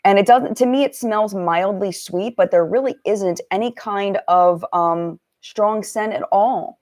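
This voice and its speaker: A woman's voice: mid-range voice, unhurried. A woman hosting a casual live-stream chat, greeting viewers one by one and talking about makeup products. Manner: chatty, warm greetings to viewers, many fillers. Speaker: beauty channel host.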